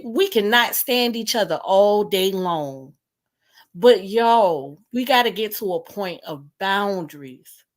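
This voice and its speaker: A woman with a lowish voice hosts a live stream talk. She pleads with her listeners and keeps repeating her key phrases. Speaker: host.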